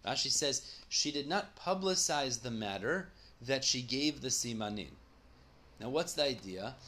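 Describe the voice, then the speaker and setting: A man's voice: medium pitch, expressive, unhurried, sharp tone. A man teaching a Talmud study lesson, who reads each line aloud and then explains it in English.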